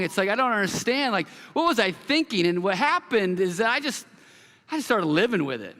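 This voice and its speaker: A man preaching a sermon as pastor, telling a story with animated quoted voices. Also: high-pitched, a little fast. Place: church hall. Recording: long hall reverb.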